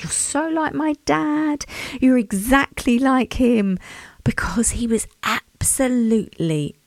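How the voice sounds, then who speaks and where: A woman's voice: on the low side, a little mellow, no room sound. Chatty woman, dry close sound. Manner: chatty and reflective, speaks directly to listeners. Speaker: podcast host. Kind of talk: casual storytelling monologue.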